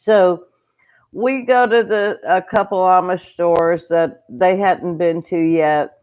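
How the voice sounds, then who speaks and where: A woman's voice: on the low side, fairly even intonation, takes it slowly, clear, resonant tone, phone-quality sound. A woman hosting a homestead channel, telling a story in a casual livestream and breaking off to greet viewers. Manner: chatty, rambling, greets viewers mid-story.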